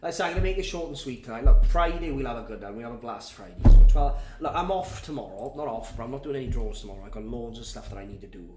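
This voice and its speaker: A man's voice: medium pitch, lively intonation, very fast, few pauses. A tired man hosts a live prize draw in casual, rambling chat and swears freely. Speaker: competition host running a live prize draw. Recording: echoey room with faint background noise.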